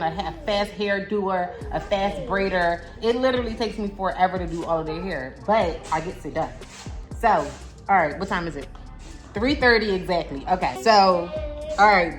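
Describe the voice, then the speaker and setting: A young woman vlogging at home, venting in a casual, exasperated way to her viewers while upset and near tears. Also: medium pitch. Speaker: vlogger, mother. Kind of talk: casual vlog talk to camera. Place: home, indoors.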